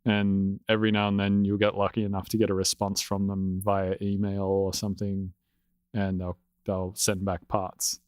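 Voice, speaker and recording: A man's voice: low-pitched, completely flat delivery, normal speed, darkish tone, smooth, dry recording. A man talking in a casual podcast conversation as an electronic music producer, laid-back and rambling, swearing freely, on a close studio mic.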